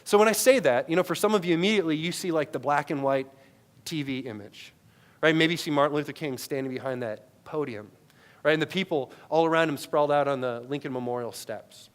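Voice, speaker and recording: Speaking through a headset microphone, this male pastor preaches conversationally, tacking "right?" onto his lines. His volume shifts from forceful, loud peaks down to hushed low asides, and his tone is brisk, clear and resonant.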